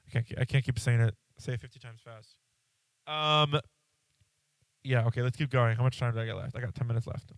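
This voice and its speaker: Man, podcast host, congested, rambling casual chat, smooth voice, dry close sound. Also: mid-range voice, fairly even intonation, brisk, pauses often, no room sound. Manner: rambling, self-interrupting, swears casually.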